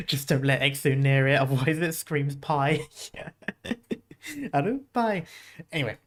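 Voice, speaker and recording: Streamer reacting to trailers, mid pitch, rambly and giggly, lots of laughing. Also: very animated, slow pace. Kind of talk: casual reaction commentary.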